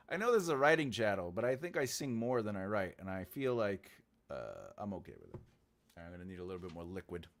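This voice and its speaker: A man's voice: lowish voice, very animated, fairly quick, creaky, pauses often. A man hosting a writing channel livestream, casually chatting and teasing viewers in a playful, giggly way.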